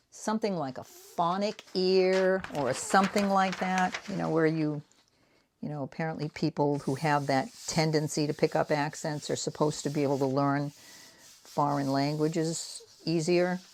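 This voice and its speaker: A woman's voice: low-pitched, a little mellow, a little hiss or hum. A woman in her sixties with a Boston accent, chatting casually and rambling while she makes art prints. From Boston area. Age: 60s. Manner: rambling, self-deprecating, talks while painting. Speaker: art vlogger. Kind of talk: casual craft chat while working.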